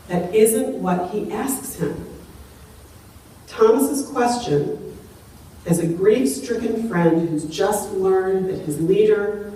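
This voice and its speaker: A woman's voice: mid-range voice, a little slow, a little mellow, slight background noise. A woman pastor preaches in an earnest, conversational way. Her voice comes from a distance, and it rings through a very echoey sanctuary. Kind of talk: sermon. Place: large church sanctuary.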